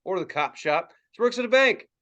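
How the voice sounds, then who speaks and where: A young adult man, a podcast co-host, telling a story in casual chat, swearing freely and acting out quotes in high yelps. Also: a little fast, lo-fi sound. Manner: profane, animated, acts out quotes in high yelps.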